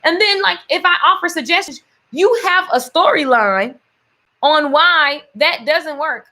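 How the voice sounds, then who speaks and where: Speaking a little slowly, this woman has a high, sharp-toned voice with lively intonation. Her vlog is casual storytelling and motivational talk, delivered playfully, with frequent laughter and voices put on for quotes.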